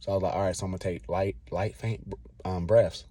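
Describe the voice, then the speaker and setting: A man's voice: sits low, steady tone, fairly quick, warm tone, slight background noise. A man vlogging, telling a personal story in a casual, rambling way, acting out what he said back then in slangy talk. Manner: rambling, acts out his own past lines.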